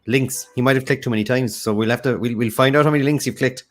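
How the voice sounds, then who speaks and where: Cork-accented male quiz host, mid-pitched, casual and joking, reads viewer messages aloud. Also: fairly even intonation. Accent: Irish, Cork. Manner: quick, jokey, reads out viewer comments. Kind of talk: casual livestream chat.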